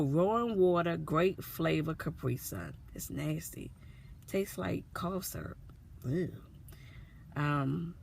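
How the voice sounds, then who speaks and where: Mom vlogging about her kid, low gravelly voice, earnest and repetitive. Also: slight background noise. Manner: earnest, repetitive, emotional retelling. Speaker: mother telling her son's story. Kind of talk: personal vlog storytelling.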